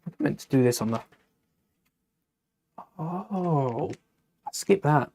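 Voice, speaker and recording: A man's voice: on the high side, lively intonation, slow, dark tone, a little hiss or hum. A young man hosting a casual live stream, chatting and thinking aloud while building, often correcting himself mid-sentence.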